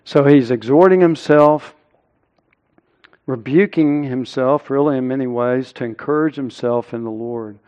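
A middle-aged male pastor preaching a sermon, earnest, rising loud and high when he quotes scripture. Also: animated, a little slow, lo-fi sound.

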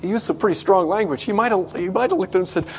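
A man preaching a sermon to a congregation in a conversational way, acting out quoted voices with big swings in pitch. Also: very fast, husky. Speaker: pastor.

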